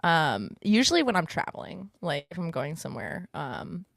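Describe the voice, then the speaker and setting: A woman's voice: deep voice, sing-song, moderate pace, vocal fry, no echo, studio quality. Teasing American woman podcast co-host. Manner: playful, teasing, lots of fillers. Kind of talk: casual chat. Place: podcast studio.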